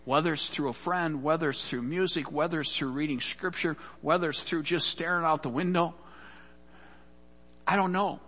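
A man's voice: a little high, fairly even intonation, normal speed, fairly bright tone, in a large hall. A man preaching a sermon, telling a scripture story earnestly and often repeating words as he goes. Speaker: pastor.

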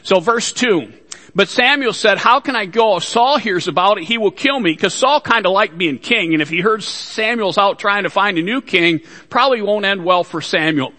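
Casting note: male pastor, high, bright voice, folksy sermon with jokes, reverb of a large church hall. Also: animated, normal speed. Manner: folksy, joking asides to the congregation.

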